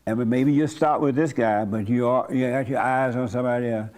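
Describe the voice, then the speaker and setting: A man's voice: medium pitch, fairly even intonation, fairly quick, hardly any pauses, a little mellow. A man leading an informal church service, talking to his congregation in a blunt, folksy, conversational way and coaxing answers from them. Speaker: pastor.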